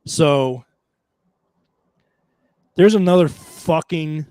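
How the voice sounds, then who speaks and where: Excitable swearing man, dry sound. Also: on the high side, extremely slow, clean tone, no room sound. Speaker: podcast co-host. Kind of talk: casual chat.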